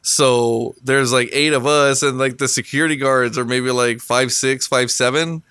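A man's voice: mid-range voice, normal speed, background noise. A man casually telling a long story to a co-host, swearing a lot and laughing as he goes. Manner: profane, laughing, animated retelling.

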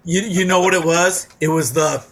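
A man casually telling a profane story on a talk show, acting out shouting crowds along the way. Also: a little high, steady tone, moderate pace, background noise. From moved to Arizona as an adult. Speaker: podcast co-host telling a story.

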